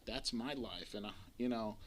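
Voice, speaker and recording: Speaking at a moderate pace in a fairly low voice, a man in his forties shares his recovery story at a community center meeting, blunt, rambling, and swearing often. It's a live recording of his talk to the audience.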